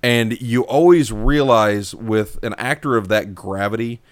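A man's voice: lowish voice, unhurried, dry recording. A man co-hosting a casual podcast chat, rambling with many restarts and fillers. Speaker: podcast co-host.

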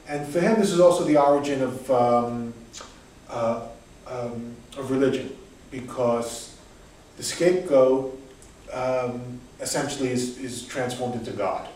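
A man's voice: mid-range voice, darkish tone, slight background noise. American man lecturing in an echoey room. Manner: hesitant, many restarts and fillers. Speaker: conference presenter. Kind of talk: academic talk with discussion. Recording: echoey room, voice far from mic.

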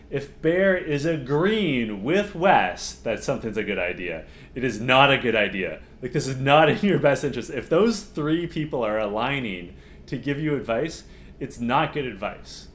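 A man's voice: mid-range voice, big pitch swings, moderate pace. A man hosting a casual chat, making blunt, emphatic points and swearing for emphasis. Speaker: podcast host. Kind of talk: casual chat about a reality show.

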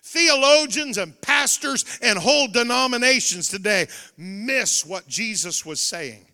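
Male revival pastor, high voice, loud call-and-response preaching in a reverberant sanctuary. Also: expressive, a little slow. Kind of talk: revival sermon. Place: church sanctuary. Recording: reverberant church hall.

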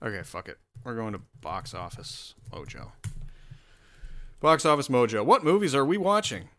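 Rambling, animated man ranting solo. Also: medium pitch, normal speed. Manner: rambling, profane, self-interrupting. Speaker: solo show host. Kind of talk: casual solo rant.

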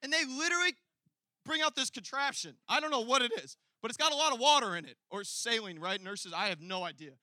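A male pastor preaching a sermon, telling a personal story and building from quiet asides to loud, emphatic peaks. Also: very high voice, expressive, fast talker, no echo.

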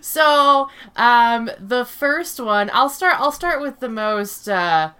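A woman's voice: on the high side, expressive, slow, sharp tone, clean tone. A young adult woman hosting a casual chat show, brash and swearing freely. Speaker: show host.

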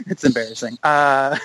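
A man's voice: medium pitch, fairly bright tone, dry recording, rough recording. A man co-hosting a film podcast, arguing a point earnestly in long runs with ums and restarts. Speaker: podcast co-host. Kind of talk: casual film chat.

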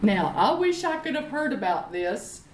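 A middle-aged woman preaching a sermon, reading Bible verses slowly and repeating key phrases. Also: a little high, big pitch swings, background noise. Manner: leads call-and-response with congregation. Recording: echoey room.

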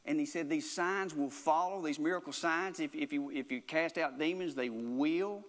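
A man's voice: on the high side, moderate pace, big-room sound. A man preaching a sermon in an earnest, repetitive way, often restarting his phrases.

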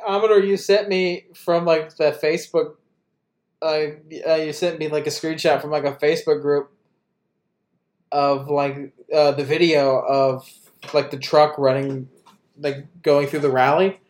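A man's voice: on the high side, little pitch movement, unhurried, a little mellow. A man co-hosting a casual political podcast, ranting with profane sarcasm and acting out the people he mocks. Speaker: podcast co-host.

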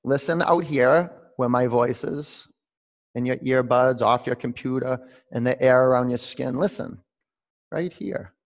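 At a measured pace and in a mid-range voice, a man guides an online yoga class. He shifts between calm, meditative coaching and direct instructions, and he names the students he's speaking to.

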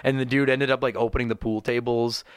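A young man, a comedian from Canada, telling road stories in casual, animated, profane talk and acting out voices. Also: mid-range voice, quick pace, clear, resonant tone, dry recording, clean studio sound. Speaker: stand-up comedian guest. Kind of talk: casual storytelling.

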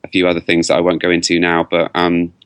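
A man's voice: sits low, monotone, fast, clear, resonant tone, dry recording. A man with a British accent, a podcast guest, telling his own story candidly with fillers. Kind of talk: podcast interview.

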